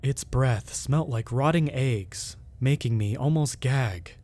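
A man reading a first-person horror story aloud as a scripted narration, in a slow, hushed storytelling manner. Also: mid-range voice, dry recording.

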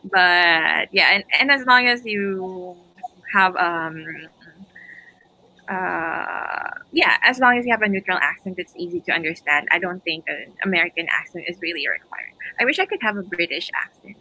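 A woman's voice: fairly low pitch, lively intonation, normal speed, pushed and bright, rough recording. A woman with a Filipino accent, whose first language is Filipino, hosting a live stream in casual, encouraging chat and laughing between phrases over a video call. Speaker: host.

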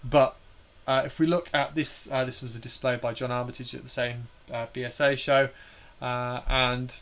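A man's voice: mid-range voice, little pitch movement, normal speed, a bit bright. A man hosting a live stream, explaining slides in a hesitant way with many fillers and restarts.

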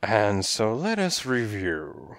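A man reading an audiobook, voicing a hulking, gravel-voiced gangster cat with a slow, threatening drawl. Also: sits low, fairly even intonation, sharp tone, dry recording, heavily acted. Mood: menacingly patient. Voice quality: raspy, gravelly. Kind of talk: audiobook character voice.

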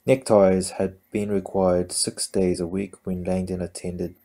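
A man's voice: low-pitched, flat delivery, unhurried, mellow. A man reading a novel aloud, often tripping over words and correcting himself. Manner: stumbling, frequent self-corrections. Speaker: amateur audiobook reader.

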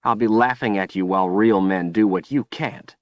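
A man's voice: fairly low pitch, normal speed, dry recording, dull audio, close to an everyday voice. A man voicing a defiant captive young woman who taunts her captor with scorn, in an audiobook reading. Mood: taunting.

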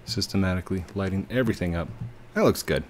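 A man hosting a casual game session, playful and quick to laugh, talking to the characters on screen. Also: low voice, a little hiss or hum. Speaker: gaming channel host. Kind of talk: casual let's-play chat.

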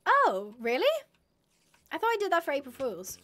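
Young female streamer, high-pitched, excitable, casual live chatter with squealing bursts. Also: normal speed. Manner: excitable, squealing bursts, reads chat aloud.

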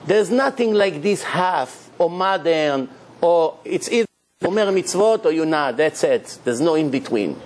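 A man's voice: a little high, lively intonation, measured pace, darkish tone, slight background noise. A man who is a rabbi, giving an emphatic sermon full of rhetorical questions, in loose, non-standard English grammar.

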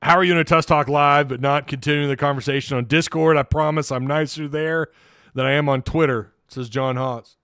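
A man's voice: on the high side, fairly even intonation, brisk, a bit bright, clean tone, dry recording, clean studio sound. A man hosting a live sports talk show, rambling casually and reading out viewer chat. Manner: rambling, chatty, lots of restarts. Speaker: host.

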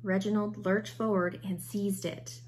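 Woman teacher, picture-book read-aloud, expressive storytelling, middle-pitched voice. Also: measured pace, slight background noise.

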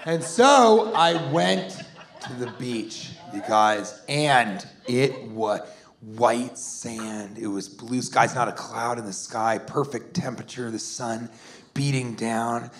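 A man in his forties doing a rambling, sarcastic stand-up set, sometimes bursting into shouted put-on voices. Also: mid-range voice, slow. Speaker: stand-up comedian. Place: comedy club stage before a laughing audience. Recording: roomy live club sound with crowd.

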